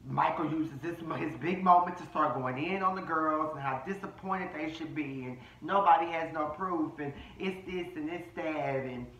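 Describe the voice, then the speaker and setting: Male commentary host, brash and catty, slightly high voice, dull echoey home recording. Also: moderate pace, few pauses, a bit bright, recorded from a distance. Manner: brash, profane, sassy, reading people. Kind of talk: casual reality-TV recap.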